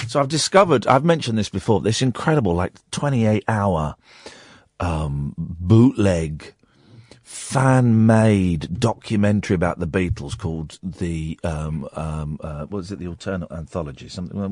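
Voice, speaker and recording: Man, radio talk host, rambling and halting, dry close studio mic. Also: low-pitched, darkish tone, no echo. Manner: rambling, halting with many fillers and restarts. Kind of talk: late-night radio chat. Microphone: studio microphone.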